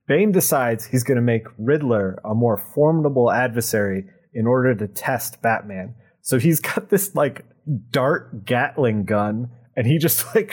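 A young man recapping a comic book on a podcast, animated and sarcastic, laughing often. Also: mid-range voice. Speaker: podcast co-host.

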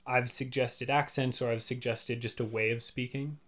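Animated male actor telling stories. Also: mid-range voice. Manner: animated storyteller, drops into quick impressions. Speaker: actor, podcast guest. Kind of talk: casual chat.

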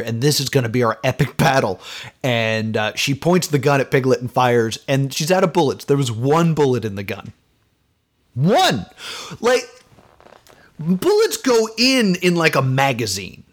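A man hosts a casual podcast film review, alone at the mic. His voice swoops widely up and down as he rambles and vents, leaning on fillers throughout. He sounds exasperated rather than calm. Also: medium pitch. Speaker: podcast host.

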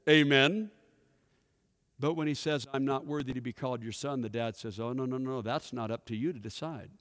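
A pastor giving a sermon, telling a story and putting questions to the congregation. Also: male voice, mid-range voice, normal speed, a bit bright. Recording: echoey hall with long reverb.

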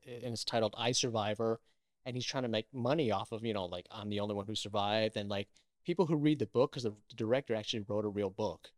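A man's voice: medium pitch, no echo, studio quality. Chatty man retelling a story. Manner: animated storytelling with many restarts. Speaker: actor, guest. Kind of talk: casual interview chat.

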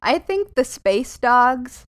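Female co-host, casual, wry humor, expressive delivery with lots of pitch movement. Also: slow. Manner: wry asides and jokes. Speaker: podcast co-host. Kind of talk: casual chat.

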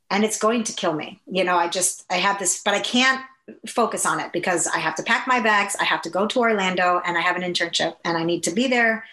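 A woman's voice: lowish voice, fairly bright tone. Earnest woman telling her story, echoey. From Upper Midwest US. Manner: earnest and emotional, halting restarts. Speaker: guest. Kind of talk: personal storytelling interview.

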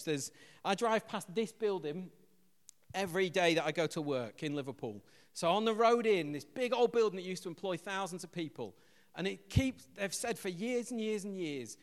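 An English man preaching a sermon as pastor, an animated storyteller who acts out quotes loudly. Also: high-pitched, normal speed, long reverb tail. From England.

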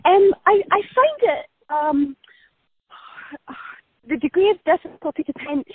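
High-voiced woman on a tinny line. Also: lively intonation, measured pace, no room sound. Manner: bubbly, laughs often, self-deprecating. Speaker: actress being interviewed. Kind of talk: casual remote interview. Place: outdoors walking past a building site. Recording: tinny phone-line audio, dry.

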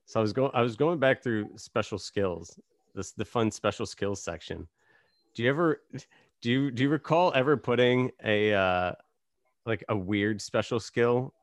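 A man's voice: on the low side, moderate pace, dry recording, clean studio sound. A man hosting a casual podcast conversation, telling rambling, self-deprecating stories. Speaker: podcast host.

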